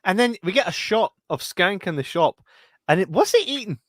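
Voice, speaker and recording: A man in casual podcast chat, his voice sitting a little high and bouncing all over the place. He laughs constantly and breaks into loud yelps as he acts out scenes. The sound is dry and close, with no room around it. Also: very animated, normal speed, no room sound. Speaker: podcast co-host.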